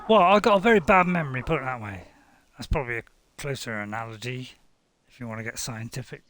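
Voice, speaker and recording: Rambling dad gaming. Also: male voice, mid-range voice, animated, normal speed, pauses often, sharp tone, slight background noise. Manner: rambling, self-deprecating, chuckling. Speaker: gaming channel host, playing with his daughter. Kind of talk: casual co-op gameplay chat.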